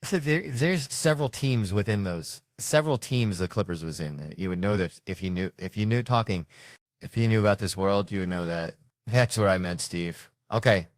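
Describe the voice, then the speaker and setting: A man telling comic stories with lots of swearing, jumping between loud punchlines and muttered asides. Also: no room sound, clean studio sound. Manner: animated, profane, jumps between loud punchlines and low asides. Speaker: comedian. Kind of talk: stand-up and panel comedy storytelling.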